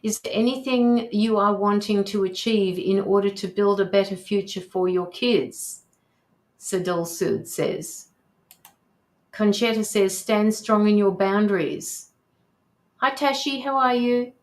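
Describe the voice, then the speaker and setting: A woman's voice: mid-range voice, measured pace. A woman hosting a live tarot reading, reading viewer comments aloud and reassuring the sitter, with frequent ums and restarts. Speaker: tarot reader hosting a livestream.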